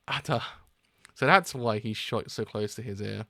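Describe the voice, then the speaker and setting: A young man hosting a casual manga reaction, relaxed and stumbling, swearing casually. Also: on the low side, slow, gravelly, pauses often, no room sound.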